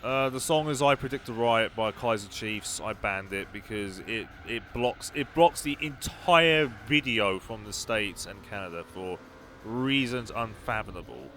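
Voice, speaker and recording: A man's voice: fairly low pitch, a little slow, fairly bright tone, a little hiss or hum. A young man muttering wry asides while commentating a racing game. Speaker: gaming channel host. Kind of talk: let's play commentary.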